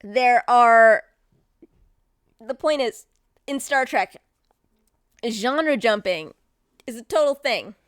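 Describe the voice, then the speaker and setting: A woman streamer chatting casually and excitedly, rambling, swearing now and then and answering chat, while hiccuping. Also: on the high side, slow pace, pauses often, clear, resonant tone, no echo, studio quality.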